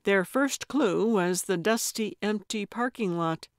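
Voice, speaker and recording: A woman narrating a cozy mystery audiobook in measured, even storytelling on a close studio mic. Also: medium pitch, no room sound. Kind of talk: scripted narration.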